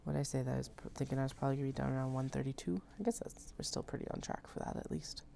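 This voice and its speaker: Very low, gravelly woman chatting while sewing. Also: steady tone, racing, dark tone, a little hiss or hum. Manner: chatty, thinking aloud, self-mocking. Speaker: crafter live-streaming her sewing. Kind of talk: casual chat while working.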